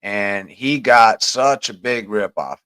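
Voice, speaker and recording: A man with a lowish voice rambles through a profane anecdote as podcast host. The sound is close and dry, with no room around it. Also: slow pace, fairly bright tone, smooth, dry recording, poor audio. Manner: rambling, profane, laughs at own story. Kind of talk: casual storytelling chat.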